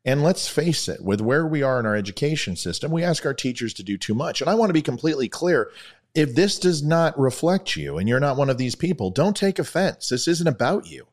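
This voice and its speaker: A man hosting a podcast, telling a personal story and then chatting casually, animated and self-deprecating. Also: fairly high pitch, a little fast. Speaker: podcast host.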